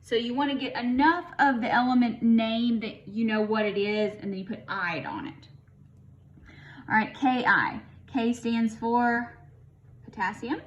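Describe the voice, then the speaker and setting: Slow-talking woman teaching a chemistry lesson. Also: a little high, animated, lo-fi sound. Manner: casual, chatty, thinks aloud with mild humor. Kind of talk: recorded lesson explanation.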